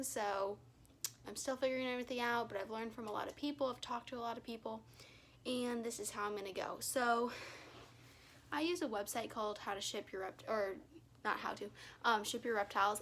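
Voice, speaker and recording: A woman's voice: a little high, a bit bright, a little hiss or hum. A woman giving a casual how-to at home, rambling with frequent "um"s and self-corrections, filming on a phone camera. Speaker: reptile keeper vlogger. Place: her home, indoors.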